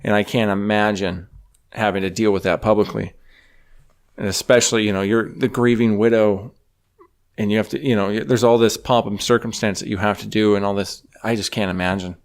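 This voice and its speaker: A man's voice: lowish voice, fairly even intonation, a little fast. A man co-hosting a casual political chat podcast, blunt and swearing freely. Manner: blunt, swears, says "dude". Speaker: podcast co-host.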